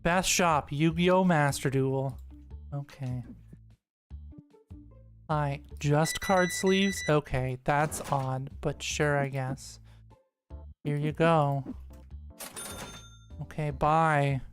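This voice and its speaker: A woman's voice: low voice, steady tone, slow pace, long pauses, faint music behind. A woman giving casual gameplay commentary, rambling and ranting with exasperated swearing. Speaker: gaming streamer.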